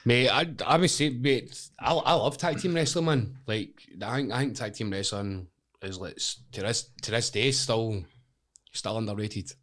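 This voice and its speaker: Sweary animated Scottish man. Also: medium pitch, normal speed. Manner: sweary, animated, laughs through stories. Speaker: podcast guest, wrestler. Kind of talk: casual storytelling chat.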